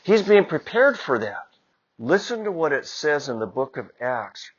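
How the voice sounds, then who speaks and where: A priest giving a conversational homily, building to moments of emphasis. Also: male voice, fairly high pitch, big pitch swings, measured pace, husky, lo-fi sound. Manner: conversational preaching with rising emphasis. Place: church.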